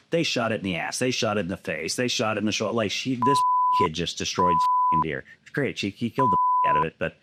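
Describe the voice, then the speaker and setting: A man with a lowish voice talks quickly over a very noisy background. His long hunting story is told casually and with energy, packed with swearing and acted-out lines from other people.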